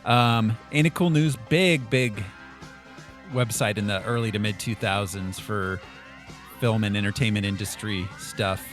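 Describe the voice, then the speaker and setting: A man's voice: on the low side, unhurried, a bit bright, soft background music. A man hosting a casual podcast chat, laughing often as he runs the segments. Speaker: podcast host.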